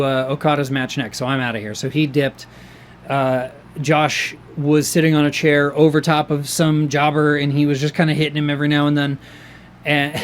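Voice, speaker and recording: A man reviewing a wrestling show in casual chat, excitable and rambling, with many fillers and restarts. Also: a little high, slight background noise.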